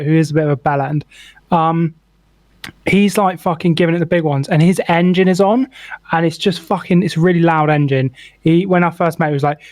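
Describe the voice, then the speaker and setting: Animated young man telling a story. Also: on the high side, fairly quick, no echo. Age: young adult. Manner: swears freely, animated anecdote with lots of "like". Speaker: podcast co-host. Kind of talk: casual storytelling chat.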